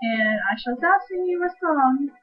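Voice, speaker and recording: A woman's voice: high-pitched, animated. A young woman joking playfully and laughing easily while co-hosting a game playthrough. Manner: goofy, playful, quick to laugh. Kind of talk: casual gameplay chat. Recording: dull lo-fi home recording.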